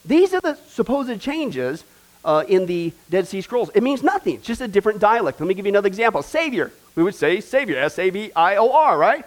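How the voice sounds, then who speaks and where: An American man preaching a sermon, animated and emphatic, asking his listeners questions and joking along the way. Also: high voice, fairly quick. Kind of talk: sermon with humor.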